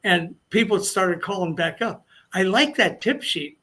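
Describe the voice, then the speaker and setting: High-voiced older man telling stories. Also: animated, a little slow, bright, forceful tone, slightly rough. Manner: rambling anecdotes with repeated restarts. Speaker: guest. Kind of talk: casual storytelling interview.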